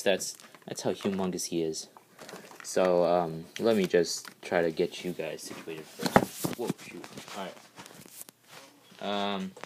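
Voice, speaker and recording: A man's voice: sits low, background noise. A man casually reviewing and transforming his custom toy, eager and rambling, restarting with "all right, so" over and over. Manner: excitable, with bursts of delight.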